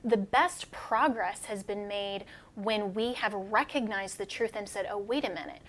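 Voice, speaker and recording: A woman hosting an interview who asks questions in a measured way, with frequent fillers. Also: mid-range voice, fairly bright tone. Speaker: host.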